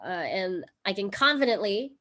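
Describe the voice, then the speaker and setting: A woman's voice: mid-range voice, big pitch swings, normal speed, pushed and bright, slight background noise. A woman hosting a casual live cooking stream from home, chatty and giggly with lots of fillers. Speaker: livestream cooking host. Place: home in Brooklyn.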